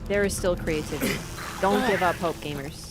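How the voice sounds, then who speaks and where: A woman's voice: on the low side, a little fast, background noise. A woman streaming a game live, chatting with her viewers in an opinionated way and yelping suddenly at what happens on screen. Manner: chatty and opinionated, talks straight to chat; sudden loud yelps at the game. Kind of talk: live gameplay commentary and chat reading. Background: game music.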